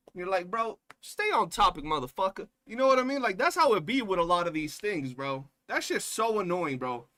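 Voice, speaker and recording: This young man's voice is high-pitched, bright, and forceful as he streams his reactions to drama. His chat is casual, slangy, and profane, and he ridicules the people involved.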